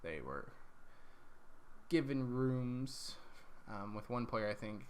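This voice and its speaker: A man's voice: medium pitch, animated, slow pace, slight background noise. A man recapping his tabletop campaign as dungeon master, rambling along with lots of ums and corrections.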